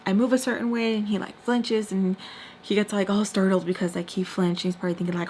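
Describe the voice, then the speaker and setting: A woman chats straight to her viewers in a lively storytime, her voice sitting at an everyday middle pitch. She tells it with quick asides and dips into a near whisper now and then. A faint heater hum sits behind her. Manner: animated, expressive retelling with quick asides and drops to a whisper. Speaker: storytime vlogger. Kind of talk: casual storytime chat to viewers.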